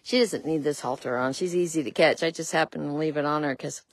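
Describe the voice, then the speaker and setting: A woman from a horse rescue walking through the barnyard, explaining each animal's care in a casual vlog and cooing to them in a high sing-song. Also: quick pace, no echo. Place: outdoors at a farm with horses.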